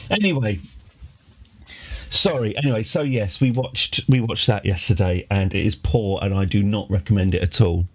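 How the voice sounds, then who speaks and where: A man's voice: on the low side, moderate pace. A man chatting casually on a live stream, rambling and wry, with many restarts. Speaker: game streamer.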